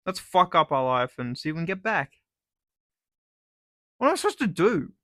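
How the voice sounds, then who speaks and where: A young man with an Australian accent rants on his own vlog, sarcastic and full of swearing. His voice is bright and forceful and sits a little high. The sound is dry and close. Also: moderate pace, dry recording. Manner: profane, sarcastic, animated ranting. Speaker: YouTuber. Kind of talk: casual ranting vlog.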